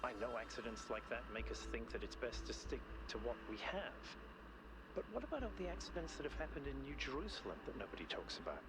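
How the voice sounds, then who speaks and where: An earnest robot scientist. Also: male voice, medium pitch, big pitch swings, quick pace, very noisy. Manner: earnest, persuasive. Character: earnest male robot scientist urging progress.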